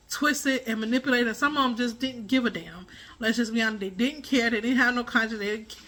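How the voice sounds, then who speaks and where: A woman's voice: on the high side, pushed and bright. A woman giving casual spiritual commentary as a tarot reader, rambling and emphatic with many fillers and restarts.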